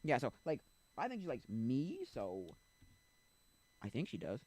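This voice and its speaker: A man's voice: medium pitch, huge pitch swings, measured pace, darkish tone. A young man streaming, chatting casually and rambling, often losing his train of thought. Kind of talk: casual chat.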